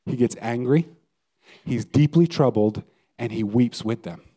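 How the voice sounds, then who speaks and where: A man's voice: mid-range voice, measured pace, mellow. A male pastor giving a conversational sermon and putting questions to his listeners. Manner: conversational preaching, asks the audience questions.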